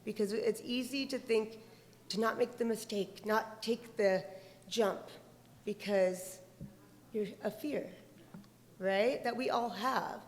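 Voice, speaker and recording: A woman's voice: fairly high pitch, steady tone, slow, pauses often. Earnest middle-aged woman, hall echo. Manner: earnest, warm-hearted, loose with fillers. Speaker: community elder speaking on a panel. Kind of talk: reflective public talk. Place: large hall at a community gathering. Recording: long hall reverb.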